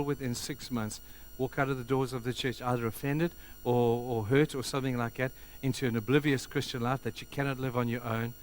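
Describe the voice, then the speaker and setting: A man's voice: medium pitch, slight background noise. A man who is a pastor, preaching a passionate sermon to a congregation in a church and acting out the voices he quotes. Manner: impassioned, acts out quoted voices. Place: church hall before a congregation.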